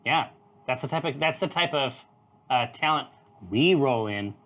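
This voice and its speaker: A man co-hosting a live brewing stream in loose, joking chat, who swears and now and then sings softly to the brew. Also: medium pitch, lively intonation, unhurried.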